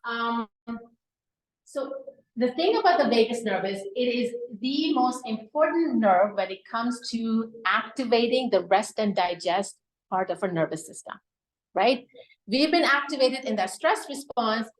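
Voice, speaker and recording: A woman's voice: on the high side, animated, measured pace, low-quality recording. A woman giving a live wellness talk to an audience, explaining step by step and often checking in with "right?". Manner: explains with questions and frequent "right?". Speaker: wellness presenter.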